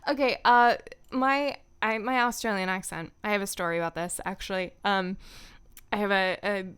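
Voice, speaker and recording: A woman voice actor chatting casually on a livestream from home, self-deprecating, laughing often and filling pauses with ums. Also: mid-range voice, fairly bright tone, smooth. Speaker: voice actor streamer.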